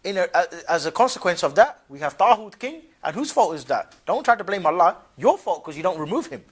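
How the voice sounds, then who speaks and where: A man's voice: high voice, very animated, fairly quick, husky. A man giving a religious lecture in a conversational, colloquial way, often checking in with "yeah?" and breaking into mocking asides with short laughs.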